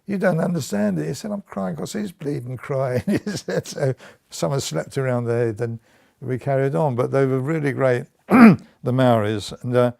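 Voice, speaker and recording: An aging war veteran talks through his service for an oral history project, pausing to laugh and reworking sentences mid-stream. He speaks at a moderate pace in a mid-range voice that is creaky and a little mellow.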